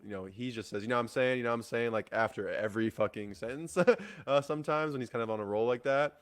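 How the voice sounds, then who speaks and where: A man's voice: lowish voice, clear, resonant tone. A man hosting a solo fight-news show, rambling in a casual way with lots of fillers, restarts and swearing. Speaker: MMA podcast host.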